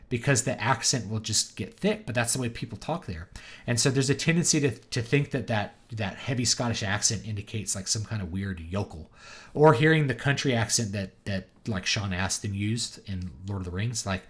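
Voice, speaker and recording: A man with a faint Southern drawl, a writer hosting a livestream, chatting casually and drifting between topics while tossing off quick accent impressions. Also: lowish voice. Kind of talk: casual livestream chat, reading viewer comments.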